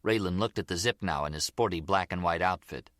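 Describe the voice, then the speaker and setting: A man's voice: deep voice, brisk, a bit bright, dry recording, studio quality. A man reading a crime novel aloud as audiobook narrator. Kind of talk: scripted narration.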